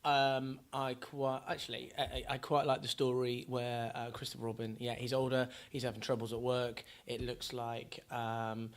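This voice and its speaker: A young man with a mid-pitched voice and a slight Devon accent, chatting casually as a podcast co-host. He sounds upbeat and fills his pauses with ums. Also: completely flat delivery. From Devon, England. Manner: upbeat, hesitant with fillers. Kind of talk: casual chat.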